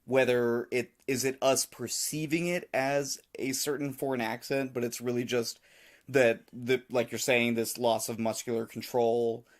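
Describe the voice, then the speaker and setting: A man's voice: mid-range voice, level tone, a little slow. A man co-hosting a podcast, thinking through ideas aloud in casual chat with fillers. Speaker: podcast co-host.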